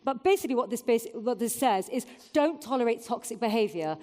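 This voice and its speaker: A woman's voice: on the high side, expressive, a little fast, warm tone, long reverb tail. A woman in her forties giving a candid, self-mocking conference talk with frequent fillers. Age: 40s. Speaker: keynote speaker. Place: event venue before an audience.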